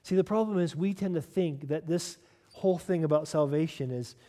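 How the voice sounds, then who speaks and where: A man's voice: on the high side, normal speed, warm tone. A man preaching a sermon as pastor, emphatic and direct, who puts questions to the congregation.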